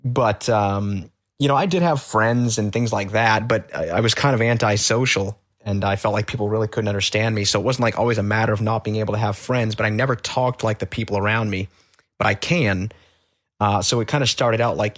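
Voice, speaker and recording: A man as an interview guest, telling stories in a halting, matter-of-fact way with many fillers. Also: on the low side. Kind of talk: conversational storytelling.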